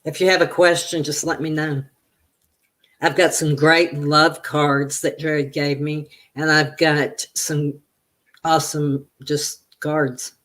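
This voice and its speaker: Woman doing tarot on a live stream, talks real slow, chatty, rambles into stories between reading comments. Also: deep voice, flat delivery, a bit bright. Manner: chatty, reads viewer comments aloud and answers them; slow, meandering storytelling. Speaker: tarot reader on a livestream. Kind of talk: casual livestream chat.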